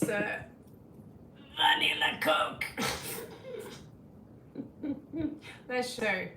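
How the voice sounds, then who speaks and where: A woman's voice: mid-range voice, a little hiss or hum. A woman with a Norwegian accent, reading tarot on a casual livestream, rambling, chuckling and swearing freely. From Norway. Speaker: tarot reader. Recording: echoey room, distant from mic.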